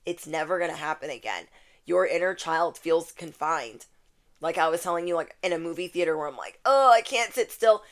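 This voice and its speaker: A woman's voice: sits low, fairly quick. A woman giving a casual spiritual tarot reading to camera, chatty and repeating her key phrases. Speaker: tarot reader.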